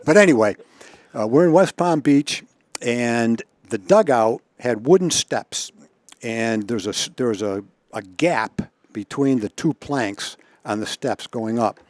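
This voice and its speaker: A man's voice: medium pitch, measured pace, darkish tone, no room sound. A man telling baseball anecdotes in a casual chat, chuckling often and repeating words as he goes. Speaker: guest storyteller.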